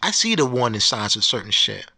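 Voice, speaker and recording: Bright-voiced man ranting on a podcast. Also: mid-range voice, very animated, brisk, creaky, husky. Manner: profane, rambling, with frequent restarts. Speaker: podcast host. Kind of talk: solo podcast rant.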